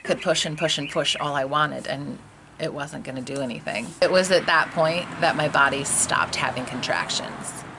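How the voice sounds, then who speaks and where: Low, gravelly-voiced woman telling a story. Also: normal speed, noisy background. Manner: candid, emotional, conversational with fillers. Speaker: vlogger telling her birth story. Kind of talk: personal storytelling.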